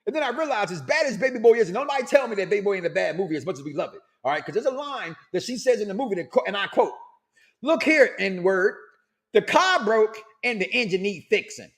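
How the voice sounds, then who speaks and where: A middle-aged man hosting a casual talk show, loud and animated, reading out listener comments and laughing often. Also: sits high, rapid-fire, hardly any pauses. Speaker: podcast host.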